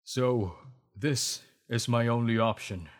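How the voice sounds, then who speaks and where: A man's voice: mid-range voice, slow pace, close to an everyday voice. A man doing a stern, heroic male doctor. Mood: solemn. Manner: stiff heroic declarations.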